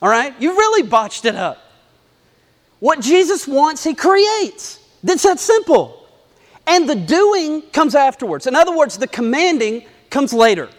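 A man preaching a sermon in a lively, conversational way, acting out asides as he reads scripture. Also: very high voice, measured pace, in a large hall. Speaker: pastor.

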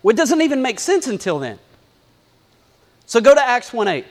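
A man preaching a sermon in a lively, conversational way, acting out asides as he reads scripture. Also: very high voice, normal speed, big-room sound. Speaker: pastor.

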